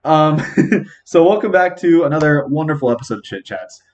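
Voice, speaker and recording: A man's voice: fairly high pitch, animated, moderate pace, highs cut off. A young man hosting a casual podcast chat with friends, rambling and laid-back, laughing often. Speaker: podcast host.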